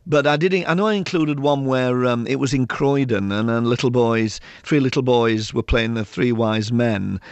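Guesting in an interview, a South Yorkshire author with a gravelly, medium-pitched voice tells anecdotes at a moderate pace, hardly pausing. He laughs often and acts out children's voices like a lively raconteur, recorded with no room sound.

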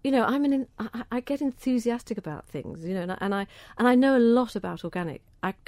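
This organic food campaigner, a middle-aged southern English woman, answers interview questions quickly and expressively at a medium pitch. Her voice is a touch mellow, with no room sound behind it. She's enthusiastic and talkative about the cause she cares about, frequently doubling up words when starting a new idea.

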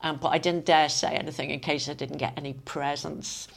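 Older Manx woman with a low, creaky voice. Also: a little fast. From Isle of Man. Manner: lively storyteller, laughs often, acts out voices. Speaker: interviewee. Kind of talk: reminiscing conversation.

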